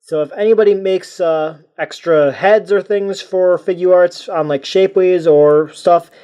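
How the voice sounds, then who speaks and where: A man's voice: high voice, fairly even intonation, unhurried, mellow, clean tone. A man giving a casual toy review, rambling and joking at his own expense. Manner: rambling, jokey and self-mocking.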